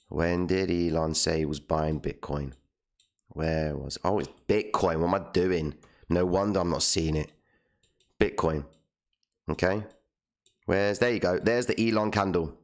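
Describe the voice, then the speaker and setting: Hoarse, low-voiced male streamer; passionate live market commentary. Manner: passionate, tags lines with "okay?" and "all right?". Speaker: trading live stream host.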